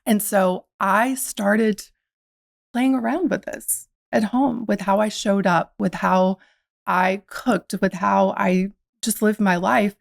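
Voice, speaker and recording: A woman's voice: medium pitch, fairly even intonation, slow pace, vocal fry, dry recording, clean studio sound. A woman from the South, speaking, tells her story reflectively as a guest in a podcast interview. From American South. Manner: reflective, uses quoted inner dialogue.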